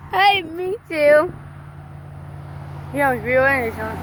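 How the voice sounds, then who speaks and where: High-voiced, excitable young woman vlogger. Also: slow, long pauses, background noise. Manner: excitable and chatty, shouts at passing trucks. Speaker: truck-spotting vlogger. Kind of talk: excited roadside commentary. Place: roadside outdoors by traffic.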